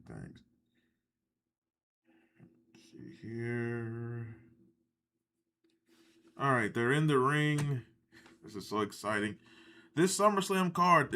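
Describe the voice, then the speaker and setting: A man hosting a live stream, reacting in a loose, rambling way, sarcastic and quick to swear. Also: mid-range voice, vocal fry, bright, forceful tone, a little hiss or hum. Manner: ranting, sarcastic, swears often, rambling asides. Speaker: livestream host reacting to wrestling. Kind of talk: casual live reaction commentary.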